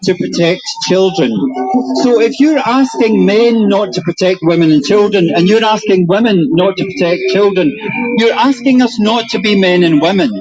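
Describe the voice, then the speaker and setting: A Scottish man giving an animated, emphatic speech at an outdoor rally. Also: high-pitched, moderate pace, lo-fi sound, loud music behind the voice. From Scotland. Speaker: rally speaker.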